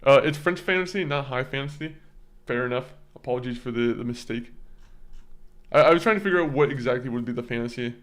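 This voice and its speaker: A man's voice: medium pitch, fast talker, a bit bright. A young man chatting casually with viewers on a live stream, rambling and often stammering and repeating words.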